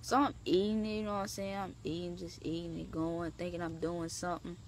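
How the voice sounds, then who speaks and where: A young woman telling a story in a casual vlog, animated and profane, leaping up in pitch for emphasis. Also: fairly quick, slight background noise. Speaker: vlogger.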